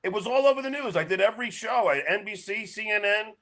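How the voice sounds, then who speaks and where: Male podcast guest, bright and high, loud animated storyteller. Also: fast talker. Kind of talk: casual chat.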